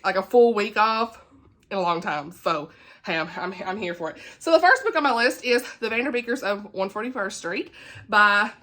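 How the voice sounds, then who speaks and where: A woman with a Southern accent, chatting casually as a book vlogger, folksy and quick to laugh. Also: medium pitch, a bit bright. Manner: chatty and folksy, laughs often, says "y'all" and "honey". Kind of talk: casual chat.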